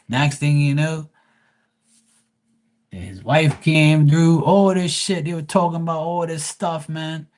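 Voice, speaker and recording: A man's voice: fairly high pitch, slow pace, pauses often, darkish tone. A man, a psychic tarot reader on a livestream, telling a story in a loose, profane, rambling way with many restarts. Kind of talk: casual storytelling.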